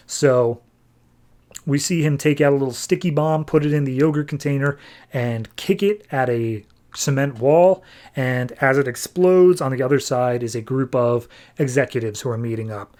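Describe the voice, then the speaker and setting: A man's voice: medium pitch, normal speed, a little mellow. A male podcast host recapping a comic in a wry, chatty way.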